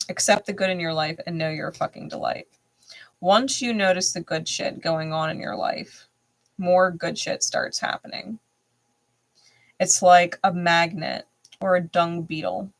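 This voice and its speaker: A woman's voice: lowish voice, steady tone, measured pace. A woman hosting a live tarot reading who swears bluntly, laughs often and repeats phrases for emphasis. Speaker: tarot reader and channel host.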